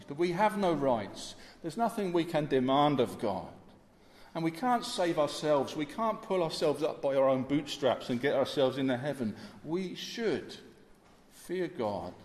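A man's voice: mid-range voice, darkish tone, echoey room, in a large hall, slight background noise. A male preacher giving an earnest sermon in a church, dwelling on repeated phrases.

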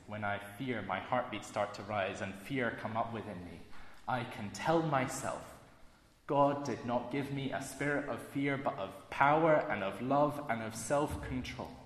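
Low-voiced man preaching in an echoey hall. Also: fairly bright tone. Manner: earnest, measured delivery with slow emphatic phrases. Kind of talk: sermon. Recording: echoey hall with long reverb.

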